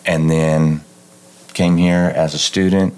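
A middle-aged man from West Texas, a college alumnus and amateur hypnotist, telling stories in a low, smooth radio-like voice with halting restarts. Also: level tone, a little mellow. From West Texas, United States. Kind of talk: casual interview chat.

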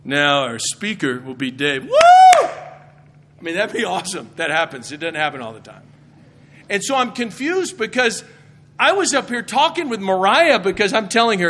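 A man's voice: high-pitched, very animated, fairly quick, bright, forceful tone. A middle-aged man, a Bible professor, giving a humorous chapel talk from the stage, telling stories and acting out the voices of people he quotes.

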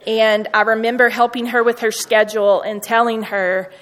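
A woman's voice: fairly high pitch, flat delivery, normal speed, fairly bright tone. A woman speaking earnestly to students, telling personal stories from her university work. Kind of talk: storytelling talk to students. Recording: long hall reverb.

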